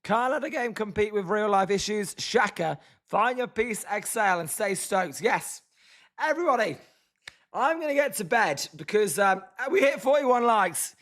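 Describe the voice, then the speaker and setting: A British man with a high, light voice calls the game live and chats with viewers between pitches. His voice is hoarse and tired, and his delivery stays loose and conversational, with plenty of complaints about the team. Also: animated, normal speed, fairly bright tone. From Britain. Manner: chatty, reads chat names, groans at the team. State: hoarse, voice tiring. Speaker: livestream host. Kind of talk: casual live watch-along commentary.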